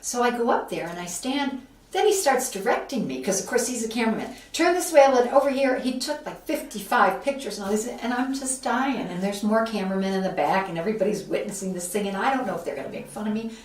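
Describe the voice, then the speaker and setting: A fast-talking woman from Buffalo, New York, with a medium-pitched voice, tells a story as an interview guest, animatedly performing the voices of its characters. The recording has a roomy echo, a distant mic, and faint background noise.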